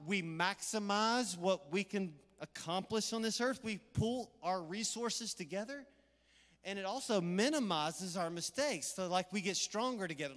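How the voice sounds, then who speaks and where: Middle-aged Southern pastor, higher-pitched voice, lively casual sermon delivery, live church reverb. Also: male voice. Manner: energetic, conversational, playful asides. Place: church sanctuary.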